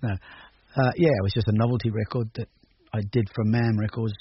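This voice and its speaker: A man's voice: lowish voice, little pitch movement, a little fast, husky, no room sound. An older man from Australia, talking through his music career in a rambling, hesitant radio interview full of restarts. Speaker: musician guest. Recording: dull radio recording with faint noise.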